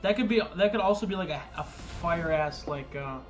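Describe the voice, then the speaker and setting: A man streaming a video game, thinking out loud and swearing casually as he plays. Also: fairly high pitch, normal speed, soft background music. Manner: casual, profane, thinks aloud. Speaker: gaming streamer. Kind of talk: casual livestream commentary.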